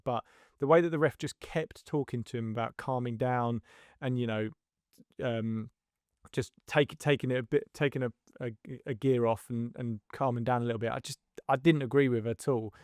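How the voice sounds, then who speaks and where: A man co-hosting a podcast, calmly recounting a kids' football tournament in a reflective, easygoing way. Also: mid-range voice, normal speed, no echo, studio quality. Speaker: podcast co-host and youth football coach. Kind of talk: casual podcast chat.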